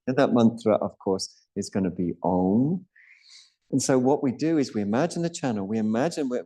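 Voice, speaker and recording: A middle-aged man leads a yoga class in a calm, instructive voice. His voice sits fairly low and sounds mellow and warm. He explains each step of the practice at an unhurried pace. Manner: calm, instructive, with Sanskrit terms and soft asides. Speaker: yoga teacher. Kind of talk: guiding a live yoga class.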